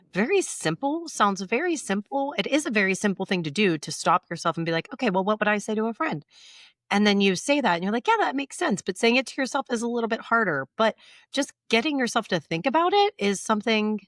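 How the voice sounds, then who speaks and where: A woman's voice: mid-range voice, very animated, brisk, a bit bright, dry recording, clean studio sound. A woman co-hosting a podcast, chatting in a blunt, playful way and swearing freely. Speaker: podcast co-host. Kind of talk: casual chat.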